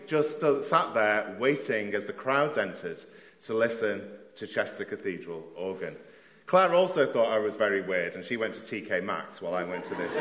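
A man preaching a sermon, telling stories with self-deprecating asides in a lively way. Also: on the low side. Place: church hall. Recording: roomy church hall echo.

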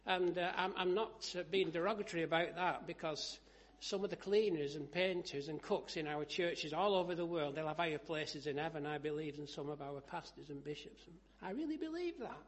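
Storytelling male preacher, slightly high voice. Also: fairly even intonation, fairly quick, few pauses. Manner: storytelling, rising to loud emphatic preaching. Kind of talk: sermon.

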